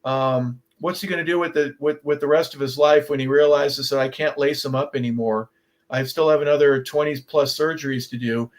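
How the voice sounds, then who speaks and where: A man's voice: a little high, steady tone, fairly quick. A man hosting a sports talk radio show, asking long, rambling questions with frequent restarts. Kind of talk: casual interview talk.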